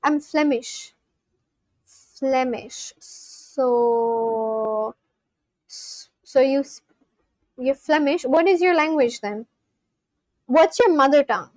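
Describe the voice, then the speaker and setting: High-voiced chatty woman streamer. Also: takes it slowly, pauses often, a little mellow, no room sound. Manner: chatty, laughs often, apologetic self-corrections. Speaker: livestream host. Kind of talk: casual chat reading live chat aloud.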